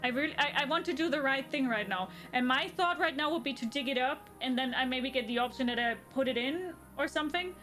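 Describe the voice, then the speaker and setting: Talking fast with hardly any pauses, a German-accented woman chats casually on her gaming livestream, reasoning aloud and replying to chat. Her voice sits high with a fairly bright tone, and soft music plays in the background.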